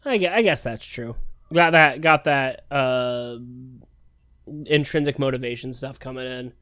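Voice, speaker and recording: A man's voice: mid-range voice, measured pace, pushed and bright, clear, resonant tone, no echo. Podcast co-host, man, loose and profane, recaps with tossed-off quoted asides, dry close sound. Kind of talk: casual anime review chat.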